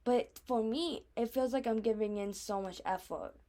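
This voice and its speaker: A woman's voice: fairly high pitch, normal speed, dark tone. A teenage girl talking casually to her audience, rambling with lots of filler words. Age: teens. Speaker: vlogger. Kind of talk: casual chat.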